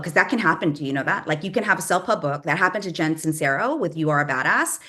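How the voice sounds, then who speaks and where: Middle-aged woman from the bay area, lowish voice, chatty and punchy, says like a lot. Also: lively intonation, fast talker, few pauses, fairly bright tone. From Bay Area, California. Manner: chatty, emphatic, lots of "like". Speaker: brand and publishing coach. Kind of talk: casual talk to an audience.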